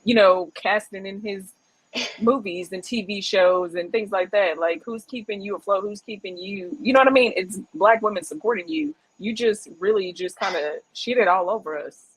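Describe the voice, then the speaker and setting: A woman's voice: mid-range voice, moderate pace, husky, dry recording, poor audio. A woman co-hosting a podcast, outspoken and asking rhetorical questions. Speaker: podcast co-host. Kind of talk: casual podcast chat.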